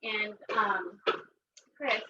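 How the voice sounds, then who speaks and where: A woman's voice: medium pitch, very slow, reverberant. A woman, telling a seminar audience her personal story in a chatty, rambling way with many fillers. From Texas. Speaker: seminar speaker. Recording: distant, dull, noisy room recording.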